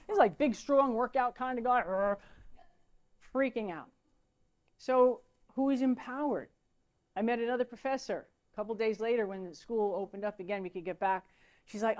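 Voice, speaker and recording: A middle-aged woman, a teacher giving a lecture full of lively anecdotes and excited asides. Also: fairly high pitch, normal speed. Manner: animated storytelling, excitable asides.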